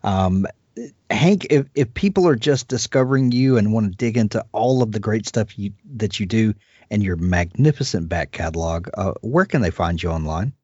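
Husky-voiced male podcast host. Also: lowish voice, lively intonation, normal speed, darkish tone, no room sound, muffled recording. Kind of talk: interview hosting.

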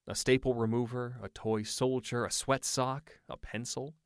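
A man narrating an audiobook in a measured, unhurried way. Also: mid-range voice, little pitch movement, clear, resonant tone, no echo, studio quality.

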